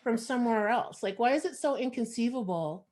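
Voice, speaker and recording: A woman's voice: on the high side, fairly quick, darkish tone. A woman from Montreal with a Canadian accent, performing a frank, sardonic stand-up set over a video call. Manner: frank, sardonic, conversational with many fillers. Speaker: stand-up comedian.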